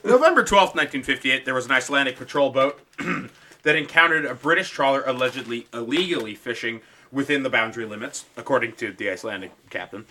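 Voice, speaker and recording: A man co-hosting a casual history chat, profane and quick to laugh and jump into bits. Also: medium pitch, lively intonation, bright, forceful tone. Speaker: podcast co-host.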